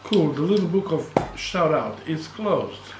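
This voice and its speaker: A man's voice: fairly high pitch, expressive, a little slow. A man co-hosting a food-eating video, chatting playfully and stumbling over unfamiliar names. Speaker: mukbang channel co-host. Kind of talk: casual chat while eating. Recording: echoey room with background noise.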